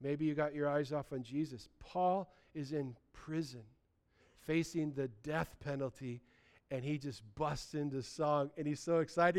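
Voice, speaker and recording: A man, preaching a sermon, animated, swinging between loud bursts and quiet asides. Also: a little high, measured pace. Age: 60s. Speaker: pastor.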